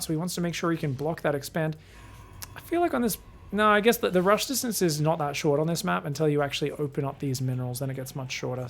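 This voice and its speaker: Here a game caster with a high-leaning, creaky voice commentates solo on a live stream. His talk wanders chattily, and he addresses his viewers directly.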